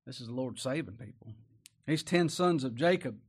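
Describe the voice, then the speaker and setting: A man's voice: medium pitch, animated, normal speed, husky. A man preaching a sermon in a folksy, conversational way, often asking rhetorical questions.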